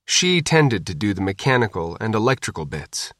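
An audiobook narrator reads a novel aloud in a wry, steady storytelling manner, his voice pitched fairly low at a normal speed. The scripted narration is recorded dry, with clean studio sound.

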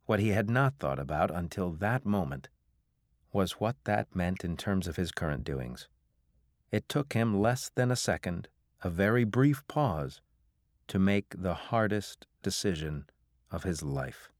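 Deep, slow-paced male narrator. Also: big pitch swings, no room sound, clean studio sound. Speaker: audiobook narrator. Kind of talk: scripted narration.

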